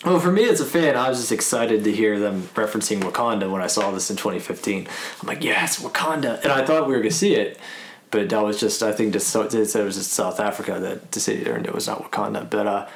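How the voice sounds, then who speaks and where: A man's voice: on the low side, quick pace, vocal fry, roomy sound. A man co-hosting a podcast, casually and eagerly talking through a movie with plenty of fillers. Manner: enthusiastic fan, lots of fillers. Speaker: podcast co-host.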